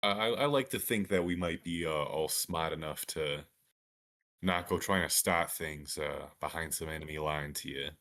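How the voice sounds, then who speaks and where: A man's voice: rumbling low, normal speed, pushed and bright. A man playing in a tabletop game, talking in character with many uhs and repeated starts. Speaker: player.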